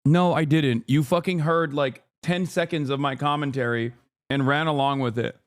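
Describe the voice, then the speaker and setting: A man's voice: on the high side, steady tone, moderate pace. A man in his thirties ranting combatively at his live chat, swearing often. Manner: profane, combative rants at chat. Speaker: streamer. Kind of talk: live-stream political commentary.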